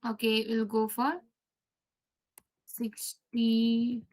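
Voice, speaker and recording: A woman's voice: on the high side, monotone, extremely slow. A woman teaching a live programming class, repeating key steps and quizzing her students as she goes. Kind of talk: live coding lesson.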